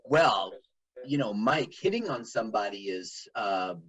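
A man's voice: on the low side, measured pace, low-quality recording. A man co-hosting a radio show, chatting casually about a movie and quoting its scenes. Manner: animated, quotes scenes in put-on voices. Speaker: radio co-host. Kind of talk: casual movie commentary chat.

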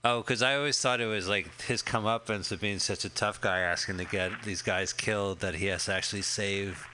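A man's voice: lowish voice, fairly even intonation, brisk, sharp tone, slight background noise. A man co-hosting an internet radio show, chatting casually about a movie and joking around. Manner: jokey, riffs in mock voices. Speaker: podcast co-host. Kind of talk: casual film discussion.

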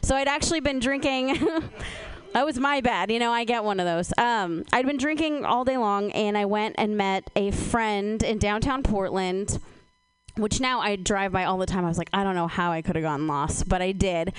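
A woman's voice: mid-range voice, normal speed, smooth. A woman doing stand-up comedy in a chatty, self-mocking way, laughing between lines. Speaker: stand-up comic.

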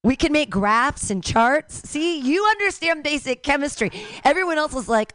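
A woman's voice: sits high, very animated, measured pace, a bit bright, dry recording. A woman in her fifties doing a stand-up comedy set, rambling, irreverent and self-mocking.

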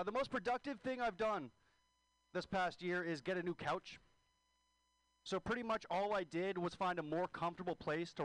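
Male comic with a high-pitched voice, crude, self-mocking jokes delivered straight. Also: a bit bright, dry recording, low-quality recording. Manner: profane, self-deprecating. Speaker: stand-up comedian. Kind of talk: stand-up comedy set.

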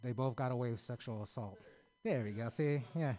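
At a small comedy open mic, an American stand-up comedian with a medium-pitched, mellow voice talks fairly quickly. His set is loose and rambling, full of swearing, and he keeps brushing off his own jokes with self-deprecation.

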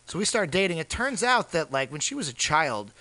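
A man telling crude, animated comic stories on a podcast. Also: a little high, brisk, dry recording. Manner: brash, profane, animated. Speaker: podcast co-host, comedian. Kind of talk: crude comedic storytelling.

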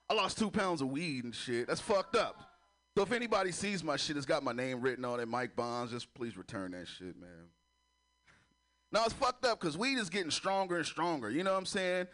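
A man's voice: on the high side, moderate pace, slight background noise. A man doing a crude stand-up routine on a comedy club stage, laughing at his own jokes as he tells stories. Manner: crude, laughing, animated storytelling.

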